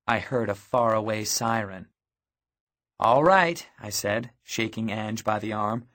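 A man narrating a first-person audiobook in a lively reading voice, raising his voice for shouted cries in the story. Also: fairly low pitch, normal speed.

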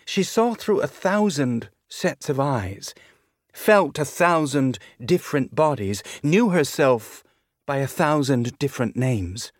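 A man reading a novel aloud as an audiobook narrator, with a measured, deliberate delivery. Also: medium pitch, lively intonation, no room sound, clean studio sound. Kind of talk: scripted narration.

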